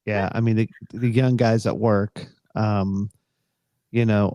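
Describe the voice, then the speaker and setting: A middle-aged man talks casually, circling his point with plenty of fillers and restarts. His voice sits low and gravelly, with a mellow, dark tone. The sound is dry and close. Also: flat delivery, slow pace, dry recording. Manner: rambling, many fillers and restarts. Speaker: podcast co-host. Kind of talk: casual chat.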